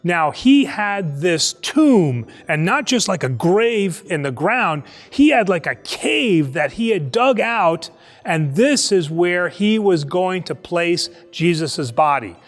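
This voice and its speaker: A priest telling a Bible story to children in a lively, conversational way, acting out the voices. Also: male voice, high voice, takes it slowly, in a large hall. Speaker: priest teaching Sunday school. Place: church.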